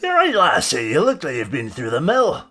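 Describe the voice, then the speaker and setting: A man voicing a weary, bearded male city guard with a gruff, patronizing way of talking. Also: on the high side, huge pitch swings, normal speed, bright, forceful tone, faint music behind, voice pushed up, full character voice.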